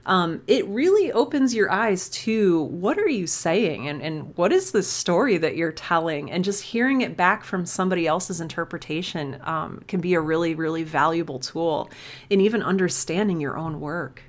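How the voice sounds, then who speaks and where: A woman's voice: fairly low pitch, lively intonation, moderate pace. A woman guest on a podcast over a video call, a writer talking about her craft in an enthusiastic, thoughtful way. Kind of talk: casual interview chat.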